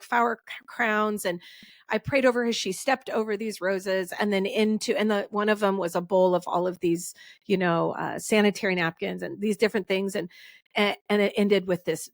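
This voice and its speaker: A woman's voice: mid-range voice, steady tone, normal speed, dry recording, clean studio sound. A woman in her forties hosting a casual podcast conversation. She talks in a rambling, heartfelt way and often restarts her sentences. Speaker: podcast host.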